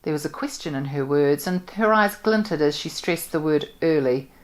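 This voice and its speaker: Low-voiced woman reading a novel. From New Zealand. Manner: expressive, measured. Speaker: audiobook reader.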